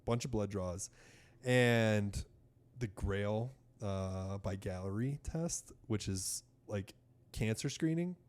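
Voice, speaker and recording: A man's voice: lowish voice, slow. A man in his thirties telling a story in casual podcast chat, swearing and acting out the people he quotes. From United States. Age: 30s. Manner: animated, swearing, acts out doctors in quoted voices. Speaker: podcast guest.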